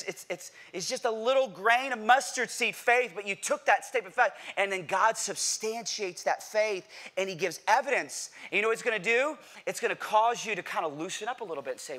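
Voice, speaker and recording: A man preaching a sermon to a church congregation, animated and playful, asking the crowd questions and acting out what people say. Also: sits high. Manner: animated, playful, acts out quotes; addresses congregation directly with questions. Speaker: pastor. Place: church sanctuary.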